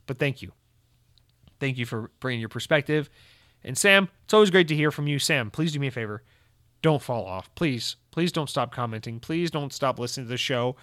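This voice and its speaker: A man talks through his own podcast episode at a mid pitch, swearing freely and switching between goofy sarcasm and earnest gushing. His voice is close and dry, with no room sound around it. He rambles loosely, pushing his words for comic effect. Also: animated, brisk, a bit bright, no echo. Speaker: podcast host. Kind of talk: casual solo podcast monologue.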